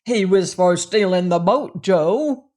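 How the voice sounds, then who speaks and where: A woman reader voicing a rough, distraught old seaman who breaks into anguished outbursts. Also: on the low side, slow, darkish tone. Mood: accusing. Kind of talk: audiobook character reading.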